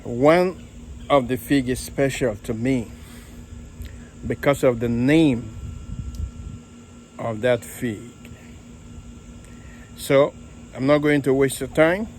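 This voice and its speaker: Man, Nigerian accent, slow halting delivery, mid pitch, faint background noise. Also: darkish tone, low-quality recording. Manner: unhurried, halting with fillers. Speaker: fig grower and channel host. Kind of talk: casual garden vlog.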